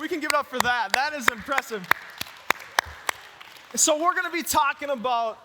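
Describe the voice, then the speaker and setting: Youth pastor with a Minnesota accent, high bright voice, preaching energetically in a reverberant hall. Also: male voice. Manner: energetic, talks to the room directly. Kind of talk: youth sermon.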